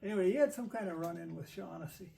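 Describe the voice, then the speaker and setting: A man's voice: high voice, quick pace, vocal fry, dark tone, distant mic, slight background noise. A man in casual family conversation, searching his memory for details of an old story.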